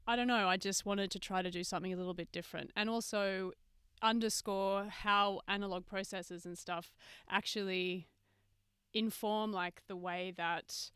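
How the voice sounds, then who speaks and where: A woman teaches a live online masterclass from her studio, chatting loosely with viewers and filling pauses with ums and uhs. Her voice is smooth and clear, set at a middling pitch. The sound is dry and close, with little room around it. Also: fairly even intonation, a bit bright, no echo. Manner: chatty, greets viewers by name, many fillers. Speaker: mixing engineer hosting a livestream masterclass. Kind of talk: casual livestream teaching. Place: studio with a mixing desk. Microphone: webcam and computer mic on a video stream.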